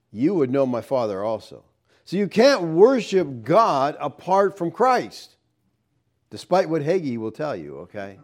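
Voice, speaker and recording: A man with a slightly raised pitch teaches scripture verse by verse. He explains patiently, poses questions to his listeners, and pushes up his emphasis on key points before letting phrases trail off. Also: darkish tone. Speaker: Bible teacher.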